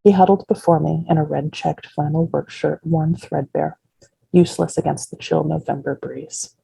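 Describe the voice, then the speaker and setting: Author reading her novel aloud; husky, dark, measured woman's voice. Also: sits low, fairly even intonation, no echo, rough recording. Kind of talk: first-person fiction reading.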